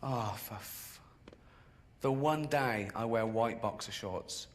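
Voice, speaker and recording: Man, stand-up comedian, deadpan storytelling, squeaky outbursts, live stage, audible crowd noise. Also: slow. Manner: deadpan storytelling with sudden high-pitched outbursts. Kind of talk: stand-up routine.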